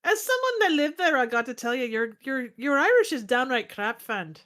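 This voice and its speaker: A woman's voice: sits high, very animated, moderate pace, fairly bright tone. Giggly woman reading out chat. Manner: reads chat comments aloud, giggly, apologetic. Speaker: stream moderator. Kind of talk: casual livestream chat.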